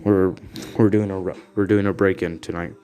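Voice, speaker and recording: A man's voice: low voice, flat delivery, normal speed, dark tone, faint music behind, close to an everyday voice. A man voicing a woman who briefs the heroes in a rambling, offhand way. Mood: casual. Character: bossy female hero agency leader.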